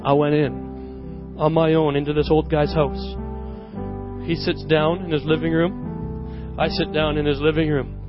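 A man with a notably high voice delivers a sermon, spinning a personal story with lively, self-mocking energy. Worship music plays clearly behind him, and the recording sounds a little dull. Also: measured pace. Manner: animated storyteller, often laughing at himself. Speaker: preacher. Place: church service.

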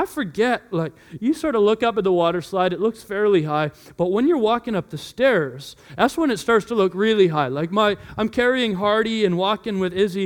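Pastor, male, 30s, high light voice, animated storyteller who acts out his kids' voices. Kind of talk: sermon with personal story.

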